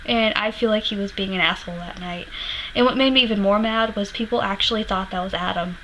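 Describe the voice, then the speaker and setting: A woman's voice: medium pitch, brisk, a bit bright, slight background noise, low-quality recording. A woman vlogger animatedly retelling a personal story to camera, swearing freely and laughing as she goes, emotional while she remembers it.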